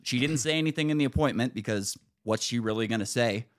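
A man hosting a podcast, casually telling an exasperated, animated story with some swearing. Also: mid-range voice, fast. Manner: animated, exasperated retelling with profanity. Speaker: podcast host.

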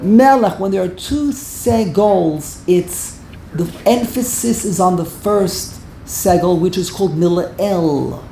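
A woman's voice: lowish voice, takes it slowly, gravelly, mellow, a little hiss or hum. A woman teaching a Torah grammar class, emphatic and repeating words while she corrects pronunciation. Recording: echoey room.

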